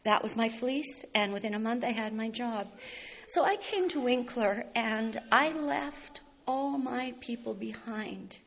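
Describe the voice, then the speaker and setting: A woman's voice: on the high side, unhurried. A woman telling a personal faith story in an earnest, heartfelt way, tearful and laughing through her tears. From Canada. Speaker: speaker sharing a personal testimony. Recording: slightly dull recording with faint hiss.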